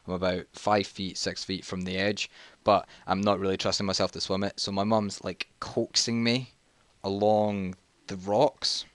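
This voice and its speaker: A man's voice: low voice, fairly bright tone, no echo. A man, telling a jokey, rambling story in a casual vlog while playing a video game and getting sidetracked. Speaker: vlogger.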